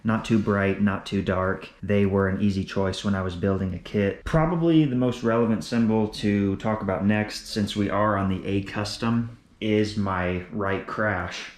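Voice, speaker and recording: A young man, a drummer, casually explaining his drum kit and cymbals, often repeating words as he goes. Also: on the low side. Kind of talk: casual gear walkthrough. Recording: echoey room.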